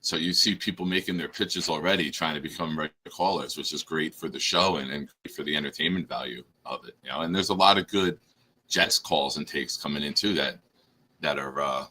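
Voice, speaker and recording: A man's voice: rumbling low, pushed and bright, slight background noise. A man co-hosting a sports talk show, chatting casually and ribbing a caller. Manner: ribbing, teasing banter.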